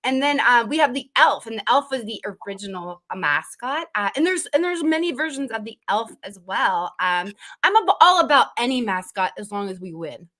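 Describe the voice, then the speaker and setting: Woman from cleveland guesting on a sports pod, kinda high bright voice, excited. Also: moderate pace, hardly any pauses. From Cleveland, USA. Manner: enthusiastic, laughs between phrases. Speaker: podcast guest. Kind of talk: casual sports chat.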